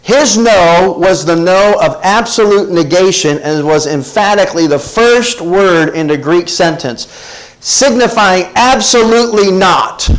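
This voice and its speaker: A man delivers a sermon in a slightly high voice. He preaches with call-and-response asides to his congregation. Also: rough recording. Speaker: pastor.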